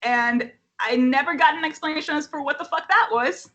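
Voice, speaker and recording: Young woman, bright high voice, animated casual storyteller who swears and fills with "like". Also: moderate pace. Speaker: person sharing a story. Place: home.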